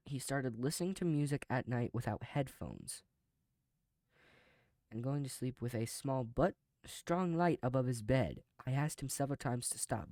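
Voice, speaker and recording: A man's voice: medium pitch, warm tone, no room sound. A man in a casual reaction video reads online posts aloud in a mid-range voice, then breaks off to comment and chuckle. The sound is close and dry, with no room around it.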